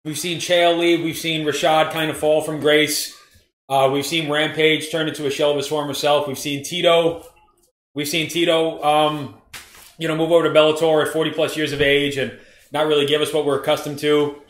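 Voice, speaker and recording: A man with a slightly high voice who jokes and rambles, swearing now and then as he co-hosts a live fight stream. He sounds like he is in a living room. The sound is roomy and echoey. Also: level tone, normal speed. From Florida. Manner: joking, rambling, profane. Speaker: co-host. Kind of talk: casual live-stream chat and commentary.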